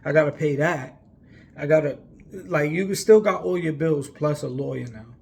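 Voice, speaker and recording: Gravelly young man telling a story. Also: a little high, moderate pace, a little mellow. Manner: rambling, emphatic, many fillers. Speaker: vlogger. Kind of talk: casual storytelling.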